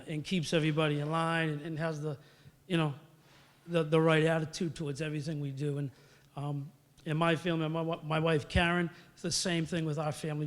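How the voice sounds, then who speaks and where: A middle-aged man gives an acceptance speech in a banquet hall. His voice sits slightly high, and he tells stories in a loose, conversational way, full of fillers and acted-out quotes. The recording carries a long hall reverb. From Massachusetts. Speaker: hall of fame inductee.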